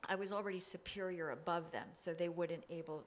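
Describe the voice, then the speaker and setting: A woman's voice: fairly low pitch, a little fast, a little hiss or hum. A woman hypnotherapist being interviewed, talking emphatically and firmly about her work. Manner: emphatic, forceful, acts out her own demands. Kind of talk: casual interview talk.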